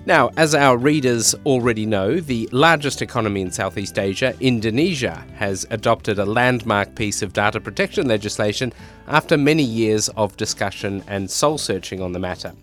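A man with a lower voice, a little raspy from a cold, presents a news podcast in a formal, measured style. Faint music sits under his voice. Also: a bit bright. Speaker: podcast host, senior editor. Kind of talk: scripted news podcast interview.

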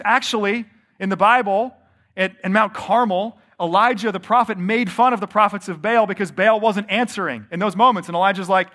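A man preaching a sermon, often slowing down to stress his points and calling the listeners friends. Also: high voice. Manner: varies pace and loudness, slows for emphasis. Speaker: pastor.

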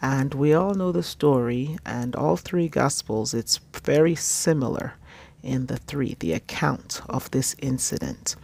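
A man giving a weekly gospel message as a preacher, deliberately comparing scripture passages. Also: mid-range voice, vocal fry, darkish tone.

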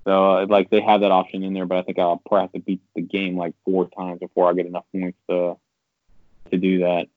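A man rambling in casual gaming chat, swearing often and getting animated when he vents. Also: low voice, brisk, dry recording. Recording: tinny phone-like dry sound.

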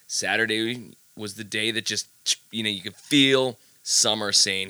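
Chatty, self-mocking male podcast host; sharp, bright voice, dead-dry close recording. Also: fairly low pitch, steady tone, measured pace, smooth, no room sound. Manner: chatty, jokey, self-deprecating. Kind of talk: casual podcast monologue with ad reads.

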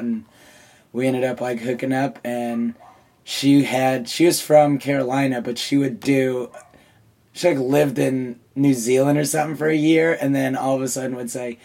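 Gravelly, husky young man chatting. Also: mid-range voice, darkish tone. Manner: loose, profane, laughing banter. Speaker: podcast co-host. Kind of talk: casual chat.

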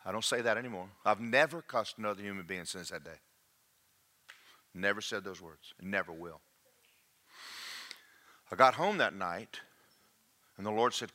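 An older man preaching a sermon, swinging between hushed asides and slow, emphatic lines. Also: fairly low pitch. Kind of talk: sermon with personal testimony.

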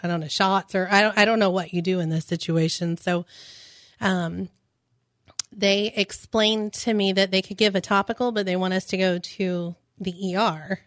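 A woman's voice: mid-range voice, fairly even intonation, dry recording, studio quality. Hesitant mother telling her story. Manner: hesitant, halting, with many fillers and restarts. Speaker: guest, parent. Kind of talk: radio talk show conversation.

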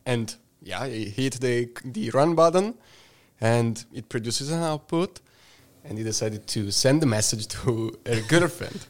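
A man's voice: mid-range voice, unhurried. Chatty male storyteller, laughing often. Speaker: podcast co-host. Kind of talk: casual anecdote.

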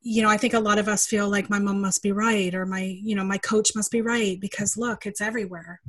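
A woman's voice: mid-range voice, steady tone, brisk, a bit bright. A woman host talking in a casual, reflective way. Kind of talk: casual conversation.

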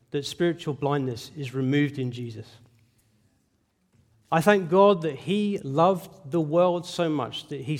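Male pastor, slightly high voice, earnest emphatic sermon, long reverb of a large hall. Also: darkish tone. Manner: earnest, emphatic preaching with rhetorical questions.

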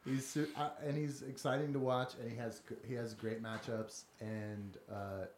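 A man guesting on a casual podcast, halting and restarting his sentences, often laughing. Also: mid-range voice, little pitch movement, darkish tone. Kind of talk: casual chat. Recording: roomy echo with faint noise.

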